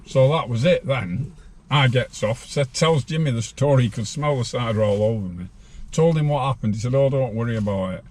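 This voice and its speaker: A man's voice: mid-range voice, moderate pace, darkish tone. A man in his sixties, a podcast guest telling a rambling story from his own life in a plain-spoken way.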